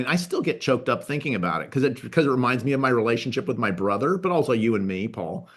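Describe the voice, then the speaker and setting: A man's voice: mid-range voice, very animated, fast, hardly any pauses, a bit bright. A man, a TV writer and producer, reminiscing in casual chat, rambling with many restarts and fillers.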